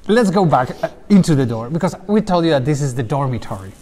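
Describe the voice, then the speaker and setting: Lively man guiding through an echoing cloister. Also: on the high side, quick pace. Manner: lively, explaining with asides. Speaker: tour guide. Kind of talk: casual guided tour. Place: stone cathedral cloister, indoors. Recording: long reverb of a stone cloister.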